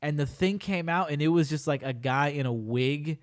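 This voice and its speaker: A young man hosting a casual podcast chat, telling stories in an animated, exaggerated way with plenty of swearing and mock-serious rants. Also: fairly high pitch, normal speed. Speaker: podcast host.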